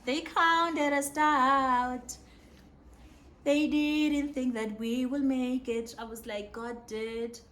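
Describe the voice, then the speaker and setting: Bright, excitable South African woman. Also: sits high, slow pace. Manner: excitable, emotional storytelling with code-switching. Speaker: vlogger. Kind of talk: casual storytime.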